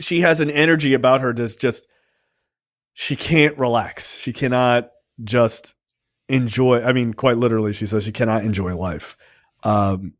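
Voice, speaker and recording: A man's voice: mid-range voice, no room sound, clean studio sound. A man reviewing a film on a podcast in a loose, rambling, profane way, full of ums and likes. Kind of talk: casual conversational film review.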